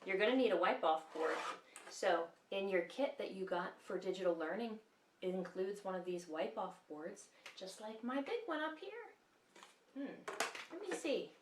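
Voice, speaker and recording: Woman, kindergarten teacher, animated sing-song voice for little kids, roomy echo, mic a few steps away. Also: medium pitch, moderate pace, far from the mic, noisy background. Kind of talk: lesson for young children. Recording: echoey room, mic set back.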